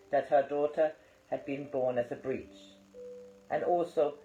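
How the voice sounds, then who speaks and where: A man reading an audiobook aloud in a calm, measured way. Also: medium pitch. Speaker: audiobook reader. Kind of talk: audiobook narration. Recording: roomy, slightly dull recording.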